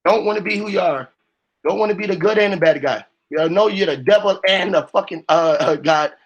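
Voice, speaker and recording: A man's voice: high-pitched, brisk, highs cut off. A man on a live call-in panel, delivering a profane, fired-up, preachy rant. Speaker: panel speaker.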